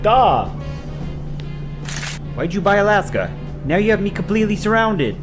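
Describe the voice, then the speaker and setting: A man's voice: high voice, very animated, moderate pace. A man voicing a boastful, sulking male Russia countryball in broken English with a put-on Russian accent, in a cartoon with music behind. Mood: alarmed.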